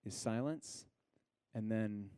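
Guy preaching a sermon, warm mellow tone, earnest, lots of pauses, goes real quiet on the heavy bits. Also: on the low side, clear, resonant tone, dry recording. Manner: earnest, pauses on single words, drops to a hush on key lines. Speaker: pastor.

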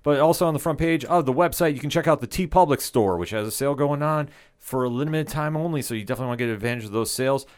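A man's voice: mid-range voice, rapid-fire. Amped-up male sports podcast host. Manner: energetic, amped up, loud.

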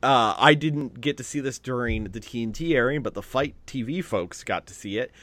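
A man co-hosting a podcast in casual chat, talking with excitement and swearing freely. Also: medium pitch, normal speed. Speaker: podcast co-host.

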